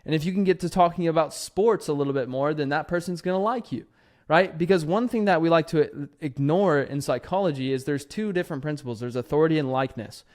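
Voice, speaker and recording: A man's voice: on the high side, quick pace, darkish tone. A man casually giving copywriting advice to camera, chatty and loose, tagging his points with "right?" and dropping the odd curse word. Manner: chatty, keeps adding "right?", swears casually. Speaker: copywriting creator giving tips. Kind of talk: casual talking-head advice video. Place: lives in Tennessee.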